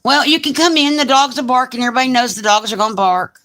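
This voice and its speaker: A woman's voice: fairly high pitch, fast, a bit bright, slight background noise. A woman in her forties with a Southern US accent, chatting casually on a crafting live stream and reading comments aloud. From Alabama, US. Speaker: crafting channel host.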